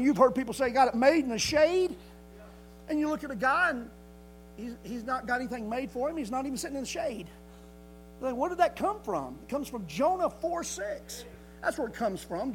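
High-voiced emphatic man preaching. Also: a little hiss or hum, poor audio. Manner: emphatic, folksy, swings from loud declaring to low asides. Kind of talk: sermon.

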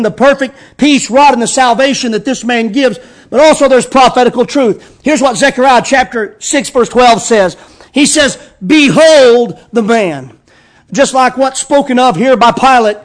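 Man, very high voice, pastor's sermon, slow emphatic scripture reading. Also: fairly bright tone.

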